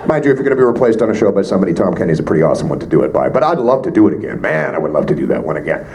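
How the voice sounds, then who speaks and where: A Canadian voice actor answering fan questions at a convention panel, joking with quick asides. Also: male voice, low-pitched, big pitch swings, darkish tone, poor audio. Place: convention panel room with audience. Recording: live room with crowd noise.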